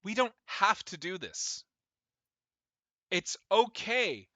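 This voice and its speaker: A man voicing a mysterious shadowed god whose voice swings high and low, pitched well above his own. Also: very animated, takes it slowly, sharp tone, no echo, full character voice. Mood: pleading.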